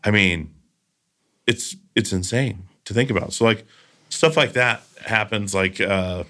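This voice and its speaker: A man's voice: on the low side, a little slow, bright, forceful tone. A man hosting a podcast, telling stories in a casual, earnest way with trailing asides. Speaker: podcast host.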